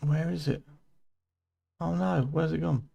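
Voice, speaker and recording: A man's voice: on the high side, fairly even intonation, unhurried, vocal fry, mellow, highs cut off. A middle-aged man with a Fenland accent, rambling and swearing loosely through a late-night live game stream at home. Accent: Fenland English. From Fenland, England.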